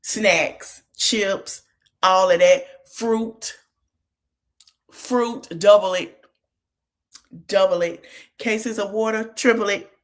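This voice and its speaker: A woman's voice: medium pitch, steady tone, extremely slow. A woman hosts a podcast and recaps a reality show in easy, casual talk. She keeps stopping to give the cast frank, motherly advice, as if she were talking to them face to face. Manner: chatty, gives motherly advice straight to the cast.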